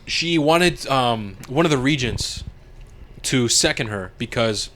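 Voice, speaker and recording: Profane, animated young male podcast host. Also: medium pitch, takes it slowly, slight background noise. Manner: animated, acts out characters in silly voices, profane. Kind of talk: casual TV recap chat.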